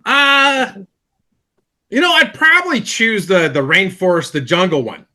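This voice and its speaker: A man's voice: high voice, unhurried, pushed and bright. A man on a comedy podcast, telling a long anecdote in casual chat, with restarts and repeated words. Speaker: podcast co-host.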